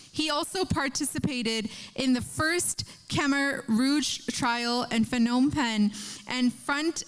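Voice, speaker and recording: A woman moderator reading a formal introduction of a speaker at a conference, steady with small slips. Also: high-pitched, clear, resonant tone, poor audio.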